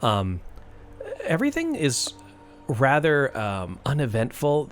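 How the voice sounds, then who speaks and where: A young man narrating as game master in a tabletop game, relaxed and hesitant, laughing often. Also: fairly low pitch.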